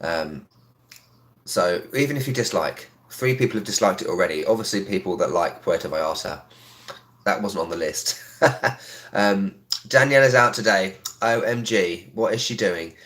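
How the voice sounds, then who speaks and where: A man hosting a casual live stream from home, talking quietly with a sore throat, greeting viewers with lots of ums. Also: low voice, moderate pace. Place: indoors in a home.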